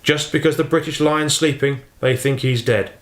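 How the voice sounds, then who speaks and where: A man voicing a gruff, blustering, patriotic farmer father in an audiobook reading. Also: fairly high pitch, steady tone, normal speed, voice pushed up, natural voice. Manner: loud, blustering, boastful. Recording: roomy echo.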